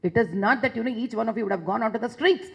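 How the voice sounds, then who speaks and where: A woman's voice: on the high side, very fast, creaky, breathy edge, low-quality recording. A woman with an Indian English accent giving an impassioned public talk, emphatic and repeating phrases for force. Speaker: public speaker addressing a session.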